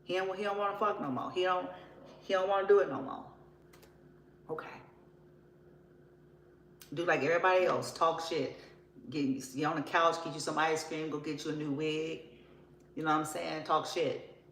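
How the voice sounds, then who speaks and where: A woman's voice: low voice, fairly even intonation, moderate pace, pauses often, echoey room, a little hiss or hum, poor audio. A woman giving a casual tarot reading, blunt and profane, often laughing as she talks. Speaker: tarot reader.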